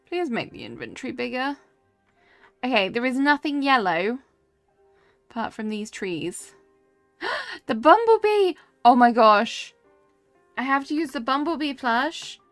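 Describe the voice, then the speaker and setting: A woman's voice: fairly high pitch, creaky, a bit bright, no room sound. A young woman live-streaming a cozy game, chatting casually and answering her chat as she builds.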